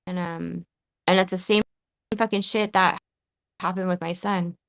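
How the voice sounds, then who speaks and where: A woman's voice: fairly low pitch, fairly even intonation, unhurried, creaky, no room sound, rough recording. A woman hosting a live podcast, talking in an emotional, profane way and often stopping and restarting her sentences. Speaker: podcast host.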